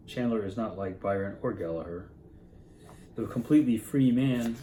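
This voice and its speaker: A man's voice: mid-range voice, mellow. Roomy-sounding man teaching literature casually. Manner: conversational, poses rhetorical questions. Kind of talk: casual classroom lecture. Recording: roomy echo with faint background noise.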